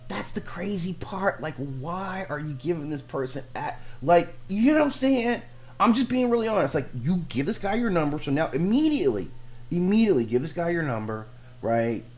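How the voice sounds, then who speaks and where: A man's voice: fairly high pitch, big pitch swings, a little fast, darkish tone, faint music behind. A man hosting a reaction video, giving frank, rambling commentary and repeating himself as he makes his points. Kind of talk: casual commentary.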